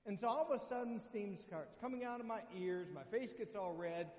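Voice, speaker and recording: A man's voice: high-pitched, moderate pace, hardly any pauses, a little mellow, echoey room, big-room sound. A man preaching as a pastor, telling a story animatedly and acting out his own lines. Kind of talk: sermon with storytelling.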